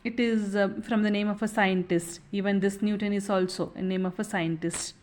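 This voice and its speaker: A woman's voice: medium pitch, steady tone, normal speed, a little mellow, slight background noise. A young woman teaching an exam revision lesson, explaining step by step and checking in with a frequent "okay".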